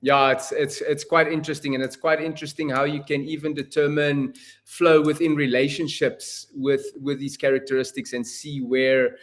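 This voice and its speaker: A man from South Africa with a South African accent, a guest in a casual conversation who speaks in a measured, agreeable way and repeats his phrases. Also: on the high side, little pitch movement. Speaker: guest, performance consultant.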